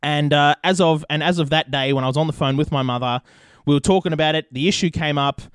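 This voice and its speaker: A man's voice: a little high, fast, clear, resonant tone, dry recording, studio quality. A young Australian man hosting a podcast, telling a rambling story with plenty of swearing in casual chat. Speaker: podcast host.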